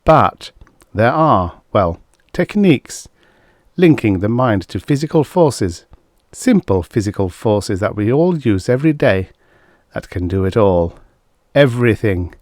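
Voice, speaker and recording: A man's voice: on the low side, big pitch swings, measured pace, a little mellow, no room sound, clean studio sound. A man voicing a small, wary, boastful man. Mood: eager. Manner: rueful, evasive, then eagerly boastful.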